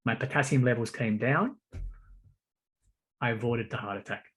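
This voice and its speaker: At normal speed and in a slightly rough, mid-range voice, a podcast host shares a personal story casually. He stammers and repeats words, addressing his listener as "bro" and "mate".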